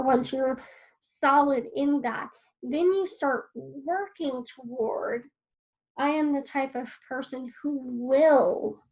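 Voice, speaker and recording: A woman's voice: high-pitched, a little mellow, rough recording. A woman teaching a class in an earnest, personal way, repeating key phrases as she writes notes on a board. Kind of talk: casual spoken lesson.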